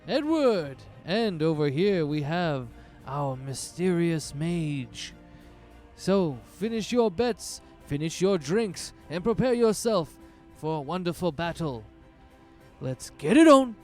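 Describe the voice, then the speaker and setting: A booming male arena announcer, as a man puts him on, pitched well up and loud, stretching every word out for the crowd. He sounds showy and grand, a ringmaster type from a tabletop game. Faint music plays underneath. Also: lively intonation, slow. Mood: hyping the crowd.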